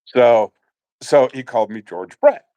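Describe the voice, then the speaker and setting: A middle-aged man being interviewed, telling animated stories in a casual way and quick to laugh. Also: medium pitch, dull audio. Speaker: interview guest.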